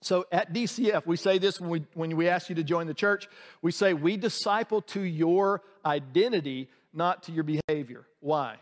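A male pastor with a high-pitched voice delivers a sermon to his congregation. He keeps it conversational and joking, tossing questions out to the room. His voice carries a long reverb tail from the church sanctuary. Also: moderate pace.

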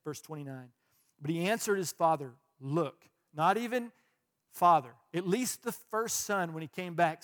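Male pastor, slightly high voice, emphatic sermon delivery with loud and quiet swings. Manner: repeats words for emphasis.

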